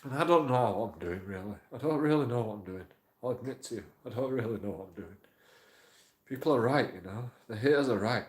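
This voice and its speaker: A man's voice: medium pitch, expressive, fairly quick. A man talks in a rambling, emotional monologue for his channel, swearing and repeating himself. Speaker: YouTube auditor vlogger. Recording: roomy echo.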